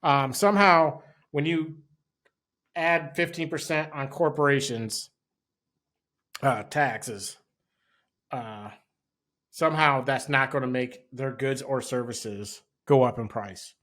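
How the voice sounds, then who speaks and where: A man co-hosting a podcast, making sarcastic remarks in casual political chat and often pausing on fillers. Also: medium pitch, a bit bright. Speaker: podcast co-host.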